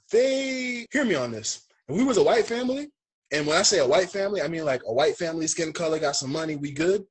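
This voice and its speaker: A man's voice: a little high, slightly rough, poor audio. A man on a video call, casually and emphatically telling a personal story as a guest. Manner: emphatic, animated, acts out dialogue. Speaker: guest, first-time father.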